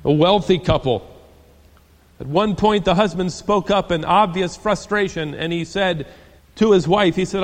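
A man delivers a sermon in a voice pitched a little high. He drops to a soft, low storytelling tone, then builds to loud, emphatic declarations. His words ring out with the long reverb of a large hall. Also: lively intonation, normal speed. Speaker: pastor.

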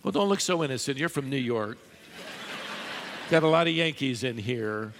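A man's voice: mid-range voice, animated, moderate pace, noisy background. A man preaching a sermon to a live congregation, emphatic and teasing the listeners. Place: large church hall with live audience. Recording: long hall reverb.

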